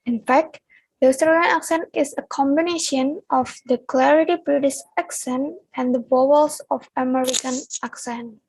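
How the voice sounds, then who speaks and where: A woman's voice: high-pitched, steady tone, moderate pace, darkish tone, dry recording, poor audio. A young Indonesian woman with an Indonesian accent, reading a prepared class presentation aloud as a student. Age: young adult. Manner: reads a prepared script aloud.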